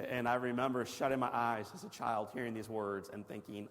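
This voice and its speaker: A man from Missouri giving a personal testimony as a Christian guest speaker, telling his story dramatically, swinging from loud excited bursts to hushed near-whispers and asking the audience questions. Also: medium pitch, fairly quick, hardly any pauses. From Missouri, USA. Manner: asks the audience direct questions. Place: large banquet hall. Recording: long hall reverb from a large room.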